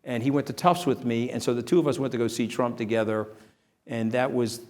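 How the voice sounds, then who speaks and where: Man, middle-aged, interview guest, animated anecdote, quick talker. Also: medium pitch. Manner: fast, animated, acts out quoted voices. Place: event venue.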